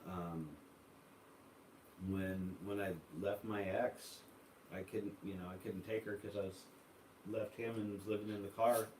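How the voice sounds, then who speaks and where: A man's voice: on the low side, steady tone, a little slow, pauses often, darkish tone, slight background noise. Man, casual livestream host, rambling storyteller, far from the mic. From United States. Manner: rambling storytelling with many fillers. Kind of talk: casual chat reading viewer comments. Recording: echoey room, voice from far off.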